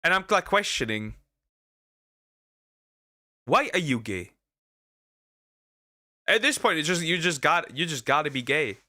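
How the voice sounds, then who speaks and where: A young man reacts to a video, joking, rambling and heavy on internet slang. His voice is bright and sits a bit high for a man. The sound is dry and close, with no room around it. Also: sing-song, a little fast, hardly any pauses, no echo. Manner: rambling, jokey, full of slang and restarts. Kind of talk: casual reaction commentary.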